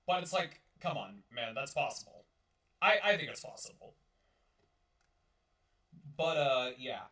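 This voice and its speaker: A man's voice: medium pitch, very animated, a little slow, pushed and bright, reverberant, recorded from a distance. A man hosting a casual live-streamed talk show, rambling and swearing as he repeats and restarts his words. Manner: rambling and profane, with many restarts.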